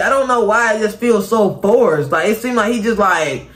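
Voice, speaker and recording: High-voiced, animated young man reacting. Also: moderate pace. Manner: animated, exasperated, tosses in "bro" constantly. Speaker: reaction video host. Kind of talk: casual reaction commentary.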